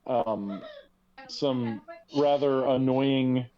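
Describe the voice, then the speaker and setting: A man narrating as game master for a tabletop role-playing game over voice chat, relaxed and chuckling between lines. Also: medium pitch, very slow, faint music behind. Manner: relaxed, chuckling, says y'all. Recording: dull lo-fi voice chat audio.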